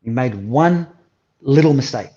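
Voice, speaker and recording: A middle-aged man, an animated storyteller who swears freely, talking as a guest on a remote call. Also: medium pitch, unhurried. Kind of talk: casual interview over a call. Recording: dull lo-fi call audio.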